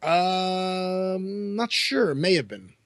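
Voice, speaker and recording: A man co-hosting a podcast in casual chat, animated and quick to laugh. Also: high voice, dry recording. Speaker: podcast co-host.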